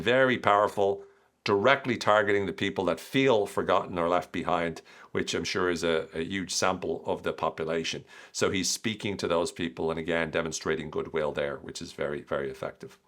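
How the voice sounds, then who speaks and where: An Irish man hosting an analytical commentary podcast, reading out quotes and explaining them, often dropping into quiet asides. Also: sits low. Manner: explanatory, reads quotes aloud then breaks them down. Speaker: podcast host.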